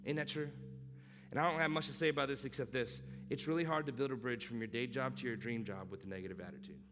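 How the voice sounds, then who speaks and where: Emphatic pastor preaching in a reverberant hall. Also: male voice, medium pitch, fast. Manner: emphatic, repeats key lines, rises to loud urging. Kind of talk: sermon. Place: church hall. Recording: long church reverb with music behind.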